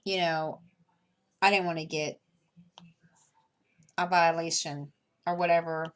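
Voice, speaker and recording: A woman's voice: lowish voice, steady tone, slow. A woman chatting casually while she works on a craft project, rambling with many fillers and restarts and chuckling between thoughts. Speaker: crafting vlogger.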